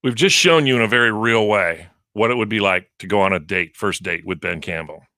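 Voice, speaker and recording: A man's voice: on the low side, brisk, pushed and bright, no room sound, studio quality. A man hosting a morning radio show, playful and teasing as he prompts comedy bits. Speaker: radio host. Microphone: studio microphone.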